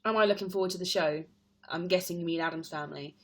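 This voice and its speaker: A young Englishwoman, a stage performer, live-streams to fans, casually reading out their questions, answering comments and laughing often. She has a lowish voice and talks fast.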